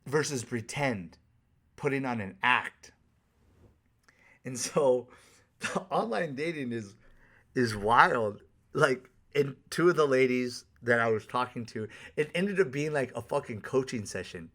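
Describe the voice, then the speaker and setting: A man's voice: medium pitch, lively intonation, unhurried, fairly bright tone. A man who works as a life coach, giving a candid, profane, conversational solo monologue on a podcast.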